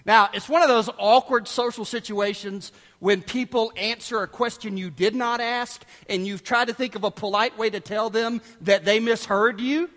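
Guy preaching a sermon, high voice, long echoey church hall. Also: moderate pace, few pauses. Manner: animated storytelling, acting out quotes.

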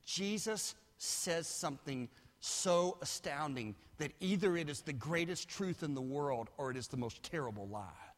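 High-voiced preacher in a reverberant hall. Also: male voice, lively intonation, unhurried. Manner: builds from low asides to shouted climaxes. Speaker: pastor. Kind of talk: sermon.

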